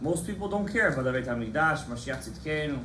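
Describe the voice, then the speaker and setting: Quick-paced and impassioned, this rabbi quizzes his students by name during an animated Torah lesson. His somewhat high voice rings through an echoey study hall, where a faint low hum sits underneath.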